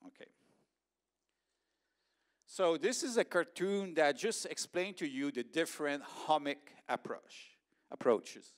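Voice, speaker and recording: A middle-aged man with a Canadian accent, a research scientist giving a conference presentation, speaking in a halting way with frequent pauses and quick "okay?" check-ins. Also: on the high side.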